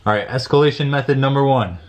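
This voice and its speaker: A man's voice: medium pitch, fast talker, noisy background. A young man vlogging casually and slipping into playful baby talk with his dog. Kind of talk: casual vlog chat.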